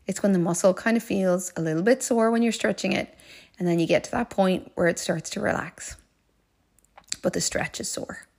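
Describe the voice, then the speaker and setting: A woman with a gravelly, fry-edged voice, talking through a personal story for her podcast. She sounds earnest and heartfelt, circling back over key phrases, and at times drops into soft, breathy asides. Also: medium pitch, normal speed. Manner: earnest and heartfelt, often repeating phrases for emphasis. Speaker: life coach podcast host.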